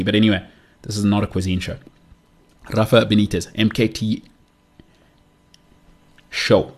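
Hosting a solo podcast rant, a South African man delivers forceful, emphatic opinions and says his punchlines twice. He speaks in a lowish, slightly mellow voice.

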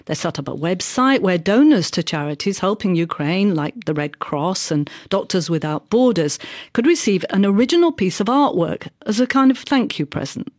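Low-voiced woman reporter narrating. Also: a little mellow, no echo, clean studio sound. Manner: measured, factual. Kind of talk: scripted narration.

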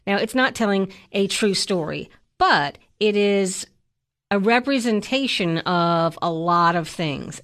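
A woman with a lower voice co-hosts a casual film review chat. Her intonation swings widely as she talks. She is chatty and playful, tossing in quick asides. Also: fairly bright tone. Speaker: film review podcast co-host.

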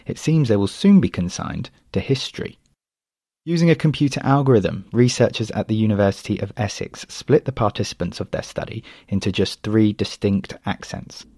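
Gravelly Southern English reporter. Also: male voice, lowish voice, normal speed, mellow, dry recording, clean studio sound. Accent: Standard Southern British English. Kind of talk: scripted report narration.

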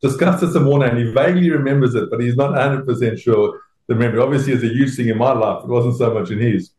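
South African man, former rugby player, animated anecdote, self-deprecating, medium pitch, roomy echo. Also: fast talker. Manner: animated, self-deprecating, acts out quoted voices. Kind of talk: anecdotal storytelling.

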